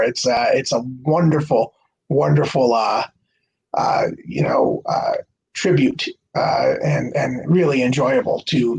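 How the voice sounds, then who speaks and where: A man with a fairly high voice hosts a casual interview over a video call. He speaks haltingly, reaching for words with frequent filler sounds. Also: a little mellow, poor audio. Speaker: venue director, interview host.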